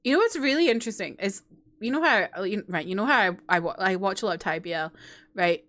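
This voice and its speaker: A woman's voice: mid-range voice, expressive, fast talker, fairly bright tone. A woman streamer chatting casually while playing a game, giggling often. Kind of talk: casual let's-play commentary.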